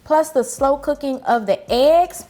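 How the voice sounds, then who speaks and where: A woman hosting a cooking show, talking in an animated, effusive way and laughing often. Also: sits high, a little slow. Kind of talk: casual cooking show chat.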